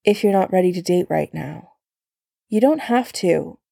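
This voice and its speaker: A woman's voice: on the low side, expressive, measured pace, vocal fry, dark tone, dry recording, clean studio sound, exaggerated voice. A woman voicing a teasing easygoing young man. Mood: gentle. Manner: light, teasing, reassuring.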